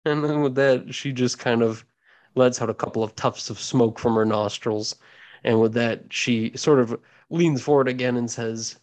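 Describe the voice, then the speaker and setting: A man's voice: mid-range voice, fairly even intonation, normal speed, darkish tone. Man narrating as game master. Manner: loose, filler-heavy description.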